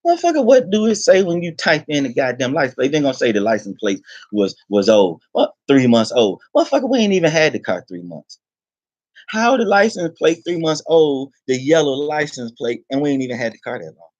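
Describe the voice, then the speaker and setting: A man's voice: on the high side, sing-song, brisk, a little mellow, dry recording, lo-fi sound. A man ranting angrily to the camera, swearing heavily and repeating himself. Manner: heated, profane, repeats himself. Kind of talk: angry rant to camera.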